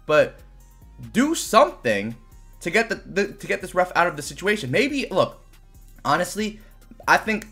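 A young man reviews a wrestling event in a casual, fired-up rant, cursing freely as he complains. His voice sits a little high. Soft music plays faintly under him. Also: moderate pace, pauses often, breathy edge. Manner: animated, frustrated ranting with swearing.

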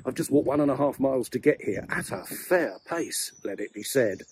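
An English man in his sixties, out of breath from a brisk walk, rambling wryly and chattily through a vlog while strolling outdoors in a cemetery. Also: mid-range voice, expressive, darkish tone, a little hiss or hum. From England. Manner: chatty, wry and self-mocking. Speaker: vlogger.

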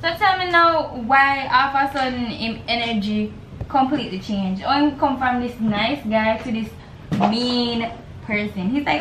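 A woman's voice: on the high side, a little slow. A young woman with a Jamaican accent, vlogging casual chat while putting together furniture, ranting animatedly with swearing and patois. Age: young adult. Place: dorm room. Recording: echoey room, faint noise.

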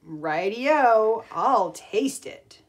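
Storybook dingo, sly and sing-song, read by a woman, slow and lively. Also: on the high side, muffled recording. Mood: cheerful. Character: sly singing male dingo cook.

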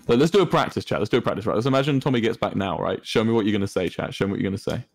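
A man's voice: on the low side, expressive, racing, creaky, no echo. A young British man chatting casually to a stream audience, mischievous and rambling with lots of fillers. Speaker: streamer's guest co-host.

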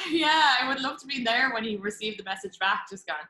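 A woman's voice: fairly high pitch, animated, a little fast, bright, forceful tone, reverberant, low-quality recording. A woman hosting a podcast, chatting casually, telling stories animatedly with laughter and swearing. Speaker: podcast host. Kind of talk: casual chat.

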